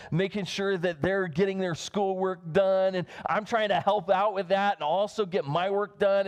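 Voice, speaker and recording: A male pastor in his thirties giving a casual, conversational sermon, full of fillers and restarts. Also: sits high. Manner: rambling and self-interrupting, with many fillers and restarts. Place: church livestream.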